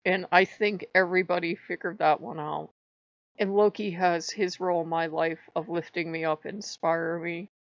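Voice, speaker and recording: A woman's voice: fairly low pitch, steady tone, normal speed, gravelly, no room sound. A woman in a personal spiritual vlog who rambles emotionally and laughs often. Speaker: spiritual vlogger. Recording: dull lo-fi, dry.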